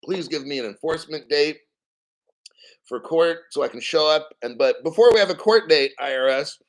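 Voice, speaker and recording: A man's voice: a little high, moderate pace, low-quality recording. Profane ranting man in his fifties. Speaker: crypto news show host. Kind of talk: livestream news commentary.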